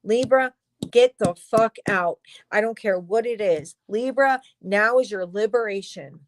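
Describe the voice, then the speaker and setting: A woman's voice: mid-range voice, a little slow, no room sound. Young woman doing a tarot livestream, fired up and cursing a lot, super dry close sound. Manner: emphatic, swears freely, talks straight to viewers. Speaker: tarot reader.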